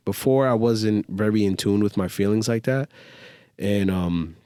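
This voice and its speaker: A man co-hosting a podcast, talking in a blunt, slangy way and trailing off into a low mumble. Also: a little slow, dark tone, dry recording, studio quality. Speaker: podcast co-host. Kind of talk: casual chat.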